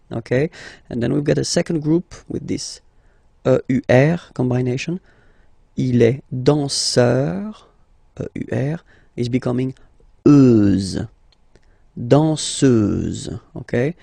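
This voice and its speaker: A man teaches a language lesson at an unhurried pace, stretching each example word and checking in often. His voice is mellow and gravelly with some fry. The recording is dry and close, with no room around it. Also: medium pitch, no room sound. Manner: patient, drawn-out example words, repeats "okay?". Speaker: French teacher. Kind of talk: language lesson explaining pronunciation.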